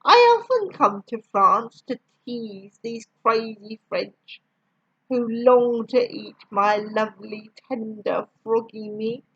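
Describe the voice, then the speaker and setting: Slow, expressive woman reading rhymes. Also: on the high side, dull audio. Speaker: storyteller. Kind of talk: reading rhyming poems aloud.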